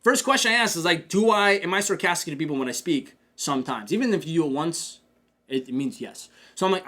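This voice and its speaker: A man hosting a business coaching podcast in casual talk. He is energetic, addresses listeners directly with asides like "check this out", and acts out his own inner dialogue. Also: high-pitched, fast talker.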